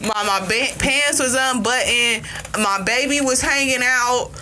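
A woman chatting casually on a podcast, telling a story in an animated way, laughing often and swearing freely. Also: high voice, measured pace, slight background noise. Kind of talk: casual chat.

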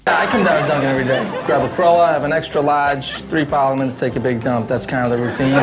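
A man's voice: medium pitch, fairly even intonation, fast talker, natural voice. An actor playing a brash working-class young man with a Boston accent, rambling crudely. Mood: boastful. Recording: film clip with loud crowd and noise.

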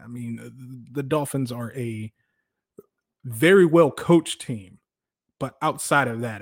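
A man hosting a casual sports talk show, animated, laughing often and restarting his sentences. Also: mid-range voice, slow pace. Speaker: podcast host.

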